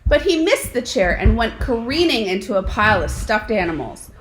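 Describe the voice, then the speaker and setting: A woman at home reading a children's picture book aloud, telling the story in an animated, expressive way. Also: fairly high pitch, moderate pace, slight background noise, poor audio. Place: home with dogs nearby.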